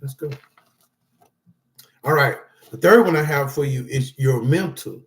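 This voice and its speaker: In a mid-range voice at a measured pace, a man reads from notes to the camera indoors, acting as a support group speaker. His casual motivational talk rambles loosely, and he speaks straight to viewers with frequent check-ins like "all right?"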